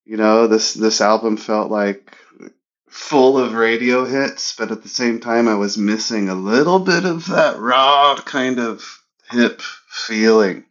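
A man's voice: mid-range voice, takes it slowly, fairly bright tone, dull audio. A man from the United States on a casual podcast, thinking aloud in a hesitant way. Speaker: podcast co-host.

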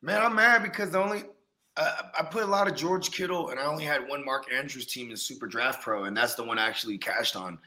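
A man's voice: mid-range voice, fast, pushed and bright. Laid-back, profane male sports talker. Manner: laid-back, profane, says "you know what I mean" a lot. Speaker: fantasy football podcast co-host. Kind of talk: casual sports chat.

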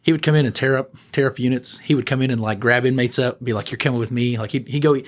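Guy talking quick, ex prison officer telling wild stories on a podcast, lots of chuckles and acted-out bits. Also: mid-range voice. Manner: animated, chuckling storyteller who acts out quotes. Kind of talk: casual anecdote storytelling.

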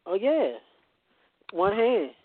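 A man's voice: sits high, very animated, takes it slowly, over a noisy crowd. A man as a podcast guest in casual chat, rambling and repeating words as he goes. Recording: tinny phone-like line.

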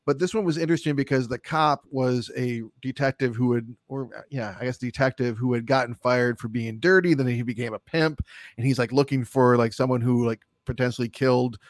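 A man's voice: mid-range voice, fairly even intonation, fairly quick, no room sound, clean studio sound. A man co-hosting a podcast, chatting casually about movies in a rambling, profane way with frequent laughs. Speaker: podcast co-host.

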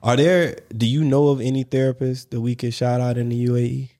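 A man's voice: mid-range voice, steady tone, a little fast, warm tone. A man co-hosting a casual podcast discussion, talking emphatically and repeating his points to drive them home. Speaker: podcast co-host.

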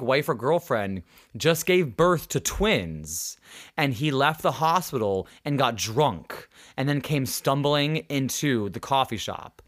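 A young man hosting a podcast, telling stories in casual chat, swearing and acting out the people he quotes. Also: mid-range voice. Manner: animated, swearing, acts out quotes. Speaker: podcast host.

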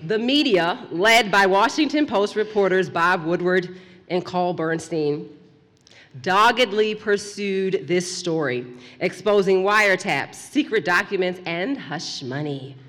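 Bright-voiced woman telling a lively story. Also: on the low side, measured pace, in a large hall. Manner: animated, playful, drops to a hush for suspense. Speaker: speaker telling a story to an audience.

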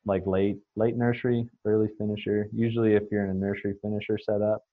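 A man's voice: fairly low pitch, flat delivery, quick pace, no room sound, phone-quality sound. A man guest on a podcast, telling long anecdotes in a rambling, casual way with many fillers and restarts. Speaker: swine nutrition guest. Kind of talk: casual storytelling in a podcast interview.

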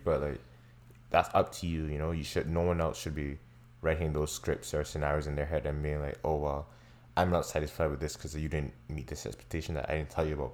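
Very deep-voiced laid-back young man. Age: young adult. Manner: laid-back, dry joking. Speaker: podcast co-host. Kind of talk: casual chat.

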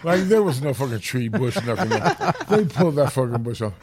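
A man, telling a rough street story in casual, profane podcast chat. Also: mid-range voice, sing-song, a little fast, darkish tone, slight background noise.

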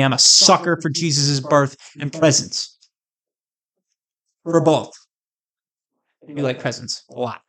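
A man's voice: a little high, a bit bright. A man from the United States, a vlogger, talking straight to camera in a hyped, rambling, jokey rant with crude asides. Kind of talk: casual comedic rant to camera.

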